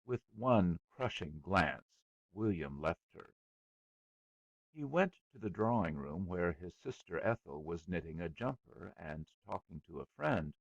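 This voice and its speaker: A male audiobook narrator with a low, gravelly voice reads in a slow, measured style. His pitch moves in a lively way through the sentences. The recording is dry and slightly dull. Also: dry recording. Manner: measured, expressive reading. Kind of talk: scripted narration.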